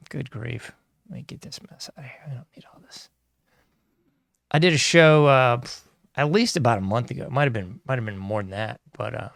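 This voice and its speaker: A man's voice: medium pitch, no echo, clean studio sound. A man hosting his own show, rambling and sarcastic, laughing often as he talks. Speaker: podcast host. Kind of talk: casual solo commentary.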